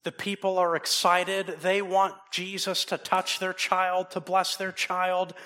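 A pastor preaching from the pulpit in a high, clear, bright voice. He speaks slowly and deliberately and moves between forceful emphasis and soft, low asides. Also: monotone. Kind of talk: sermon.

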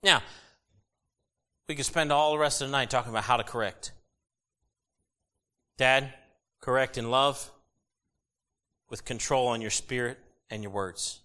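A middle-aged man preaching a sermon, animated and jokey with sudden loud bursts. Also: mid-range voice, a little slow, pauses often. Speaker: pastor.

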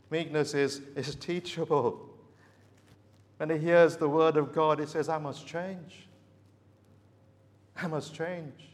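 A man preaching a sermon, slow and emphatic, repeating his key phrases. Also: mid-range voice. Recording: long hall reverb.

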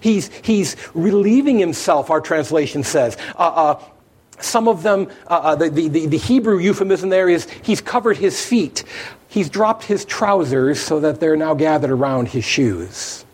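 A man preaching a sermon, telling the story with animated emphasis, his voice rising as he drives points home. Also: on the high side, measured pace, husky. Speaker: pastor.

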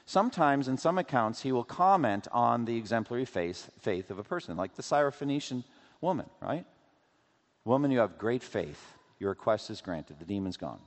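A man preaching a sermon as pastor, asking rhetorical questions and acting out quotes in an animated way. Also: mid-range voice, moderate pace. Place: church sanctuary. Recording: long hall reverb.

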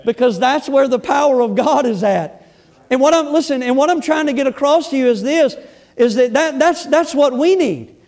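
A pastor preaching a sermon, emphatic, repeating words and stressing key phrases slowly and loudly. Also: male voice, very high voice. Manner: emphatic, repeats words, shifts between loud bursts and slow stresses.

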